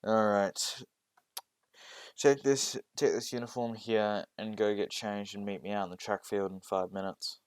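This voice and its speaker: A weary, stern teacher, played by a male narrator, blunt and strict with his class. His voice sits low, in a homemade fan story. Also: steady tone, unhurried, clean tone, dry recording, lightly acted.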